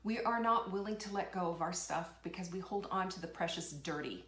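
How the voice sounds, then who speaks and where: In an echoey room, a woman with a lowish, slightly bright voice talks a little fast while hosting a live motivational talk show. Emphatic and fired up, she reads viewer comments out with laughter and keeps firing rhetorical questions.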